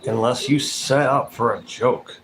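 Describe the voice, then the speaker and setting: A man's voice: medium pitch, measured pace. Blunt, profane man vlogging over background noise. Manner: blunt, profane, calling people out. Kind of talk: casual spoken commentary vlog.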